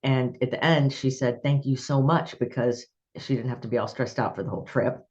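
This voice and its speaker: A woman's voice: a bass voice, fairly even intonation, brisk, a little mellow, dull audio. A woman hosting a podcast interview, chatting and telling personal stories with frequent laughter. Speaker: podcast host. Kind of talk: conversational interview.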